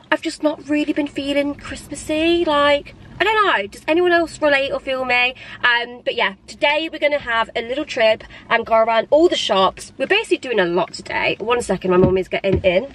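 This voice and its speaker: A young woman talks excitedly to her viewers, her voice sitting fairly high and a touch hoarse. She gushes and fills her sentences with "like" in a casual vlog style. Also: poor audio. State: slightly hoarse. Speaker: vlogger. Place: in a parked car, then in a shop.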